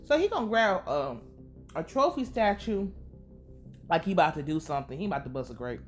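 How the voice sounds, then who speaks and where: A woman's voice: fairly low pitch, fairly quick, faint music behind. A young woman giving a casual, profane, laughing recap of a TV episode. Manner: animated, profane, laughing running commentary. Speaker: TV recap host.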